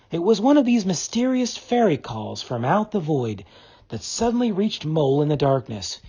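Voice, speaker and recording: A man narrating a classic novel as an audiobook, reading in an expressive, dramatic storytelling manner. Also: high-pitched, husky, highs cut off.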